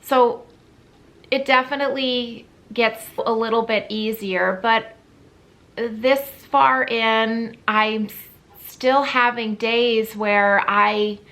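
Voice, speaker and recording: A woman in her fifties talking candidly to camera in a personal vlog, heartfelt and halting, with frequent pauses and restarts. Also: on the high side, pushed and bright. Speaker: vlogger.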